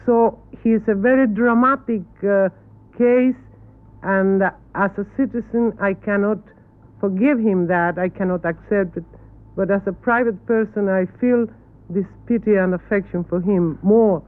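Earnest Cuban-accented woman, tinny archive. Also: medium pitch. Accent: Cuban Spanish. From Cuba. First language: Spanish. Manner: earnest, halting, corrects the questioner. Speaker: interview guest. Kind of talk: televised panel interview. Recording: tinny archival broadcast audio.

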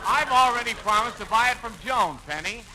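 A man's voice: very high voice, lively intonation, a little fast. An actor playing a stubborn but easily bullied young man in a 1940s radio comedy, plaintive and flustered. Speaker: comic lead. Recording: hissy 1940s radio recording.

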